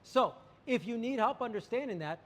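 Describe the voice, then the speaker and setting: High-voiced animated water salesman. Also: moderate pace, big-room sound. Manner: animated storyteller, acts out client quotes. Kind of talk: sales talk to camera.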